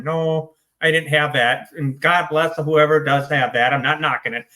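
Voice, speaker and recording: His voice slightly high, bright, and forceful, a middle-aged American author in recovery tells his story at normal speed with fairly even intonation. As an interview guest he's choked up, blunt, swearing, and self-deprecating.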